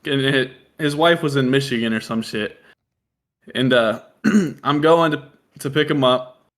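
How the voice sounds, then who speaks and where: A young man co-hosting a casual podcast tells a story with self-mocking humor, laughing at himself and swearing freely. His mid-range voice is unhurried and a little bright.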